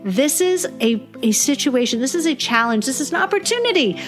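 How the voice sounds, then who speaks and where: A woman school librarian talking on a podcast, telling stories with lively energy, acting out parents' complaints, and often restarting her sentences. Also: high-pitched, brisk, soft background music. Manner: animated storyteller, acts out parents' complaints; frequent restarts and repeated words. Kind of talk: podcast conversation.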